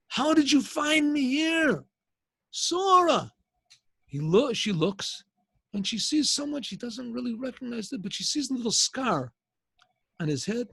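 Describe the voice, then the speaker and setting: Husky, high-voiced rabbi telling a story. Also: male voice, fairly bright tone, dry recording. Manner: casual, with restarts and frequent throat clearing. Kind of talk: storytelling lesson.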